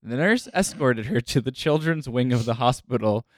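A man's voice: mid-range voice, lively intonation, moderate pace, dry recording, studio quality. A young man co-hosting a comedy podcast, reading news articles aloud casually and breaking into laughing asides. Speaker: podcast co-host.

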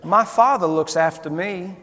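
A man's voice: sits high, unhurried, a bit bright, in a large hall. A man doing a sweet old southern lady. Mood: gentle, faithful. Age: 80s. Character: sweet elderly southern woman, nearly blind, devout.

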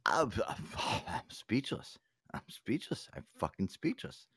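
A man's voice: fairly low pitch, huge pitch swings, a little slow, a bit bright, breathy edge, no echo. A man hosting a casual live talk show, joking, swearing and slipping into a mock radio DJ patter. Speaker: host.

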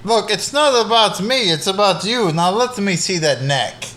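A man's voice: high voice, lively intonation, normal speed, bright, forceful tone, a little hiss or hum, voice pushed up. Man putting on a wheedling Transylvanian vampire. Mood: sly. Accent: mock Transylvanian. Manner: smooth, wheedling, pushy salesman patter. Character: pale sly male vampire running a blood bank.

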